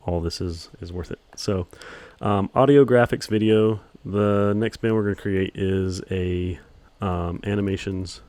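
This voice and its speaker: A man with a very low voice walks through a software tutorial in an even monotone. He fills pauses with ums and keeps a relaxed, steady delivery as he explains each click. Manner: calls his own voice monotone, relaxed, many ums. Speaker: video editing instructor. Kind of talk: screen-recorded software tutorial.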